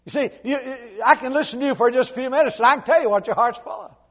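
An older man preaching a humorous, folksy sermon, swinging from loud emphatic lines to quiet low asides. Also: quick pace, dull audio.

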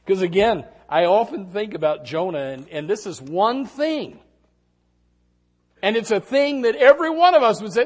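A middle-aged man delivers a sermon with a lively, swooping voice pitched a little high. He moves between quiet reflection and animated storytelling, and he shouts the lines he quotes. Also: normal speed, husky. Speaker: pastor.

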